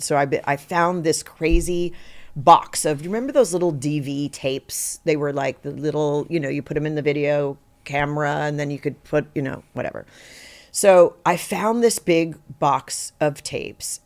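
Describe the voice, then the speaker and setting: A middle-aged woman, an actor guest on a podcast, telling stories in a lively, conversational way and acting out the quotes in them. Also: low-pitched. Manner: animated, acts out quotes in her story, laughs easily. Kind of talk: conversational interview storytelling.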